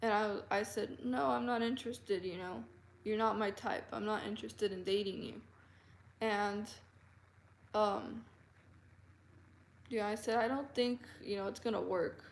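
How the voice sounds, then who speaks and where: A woman telling a personal story to camera in an earnest, halting way, full of fillers and restarts. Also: mid-range voice, fairly even intonation, gravelly. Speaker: vlogger. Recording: roomy echo.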